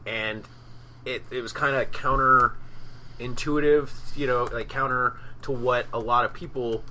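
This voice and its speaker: Bright-voiced man chatting loosely on a podcast. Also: medium pitch, steady tone, a little slow, a little hiss or hum, poor audio. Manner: rambling, restarts sentences, casual swearing. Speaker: podcast co-host. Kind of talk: casual chat.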